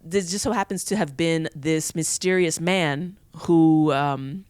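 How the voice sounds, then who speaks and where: A young woman chatting as a podcast guest, retelling a film plot in an animated, playful way. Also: low-pitched, unhurried, smooth, no room sound. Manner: animated storytelling, playful laughing. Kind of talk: casual chat.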